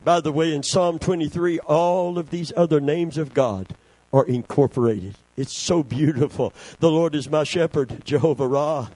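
Captured in a dry recording, a pastor with a slightly high voice preaches, peppering his sermon with amens and praise calls. He alternates between loud proclamations and quiet, slow stretches.

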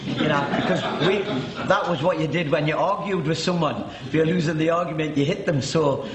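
A man's voice: a little high, a little fast, very noisy. A middle-aged man from Newcastle with a Geordie accent, telling his personal testimony in a chatty, joking way with many restarts. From Newcastle, England. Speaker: guest giving a testimony. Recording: roomy echo.

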